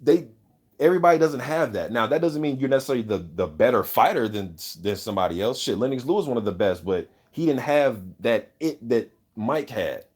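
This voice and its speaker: A man's voice: mid-range voice, lively intonation, a little fast, a little mellow. A man hosting a casual boxing talk show, reading viewer comments and giving loose, opinionated takes full of swearing and "you know what I'm saying". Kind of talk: casual unscripted chat.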